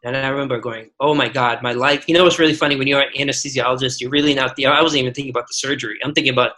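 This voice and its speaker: Earnest, bright-voiced man in his forties. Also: mid-range voice, fairly even intonation, rapid-fire, rough recording. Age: 40s. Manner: earnest, storytelling with many restarts. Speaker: guest physician. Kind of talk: podcast interview.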